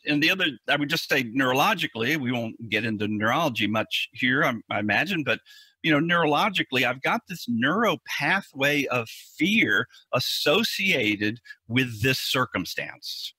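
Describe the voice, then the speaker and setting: A man's voice: mid-range voice, bright, forceful tone, husky, no room sound. A man talking as a therapist in a podcast interview, explaining earnestly and often restarting or repeating words. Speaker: anxiety therapist.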